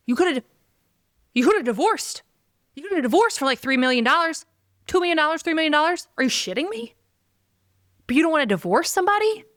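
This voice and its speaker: A woman on a true crime podcast, venting in a fiery, profane rant. Her voice sits a little high, smooth and clear, though it is going hoarse from the outburst. The sound is close and dry. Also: a bit bright, dry recording. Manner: profane, heated ranting.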